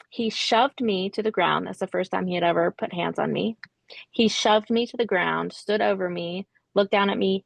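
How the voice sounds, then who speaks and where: A woman's voice: mid-range voice, creaky, dry recording. A woman in her thirties, a podcast guest, recounting a painful personal story hesitantly, with many ums and restarts, sometimes dropping to a whisper. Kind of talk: interview storytelling.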